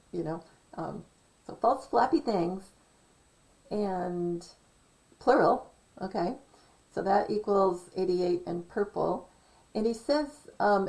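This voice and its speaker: Slow, gravelly-voiced woman vlogger. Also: mid-range voice, mellow, poor audio. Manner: self-correcting, digressive, reads from notes. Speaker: conspiracy vlogger. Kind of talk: casual rambling commentary.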